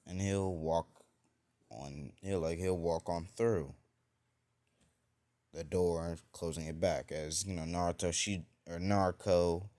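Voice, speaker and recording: A man's voice: low-pitched, steady tone, slow pace, long pauses, dark tone. A man improvising a fan-fiction story, rambling and full of fillers and restarts.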